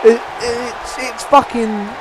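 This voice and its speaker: Young male reviewer, very high-pitched, angry profane rant with shouted bursts. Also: flat delivery, takes it slowly, a crowd in the background, noisy background. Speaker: wrestling video reviewer.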